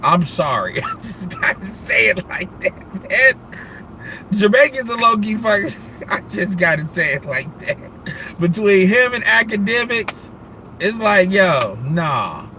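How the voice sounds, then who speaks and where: Male streamer, bright ringing tone, loose profane rant delivery. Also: high voice, measured pace, slight background noise. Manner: animated, profane, rambling, laughs often. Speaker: livestreamer. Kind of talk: casual live-stream rant.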